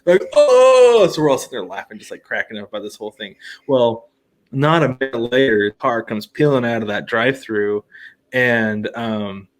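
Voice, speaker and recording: Brief: male podcast co-host, 30s, mid-pitched, animated storyteller, laughs a lot. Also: normal speed. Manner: animated, laughs often, acts out quoted voices. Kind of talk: casual storytelling chat.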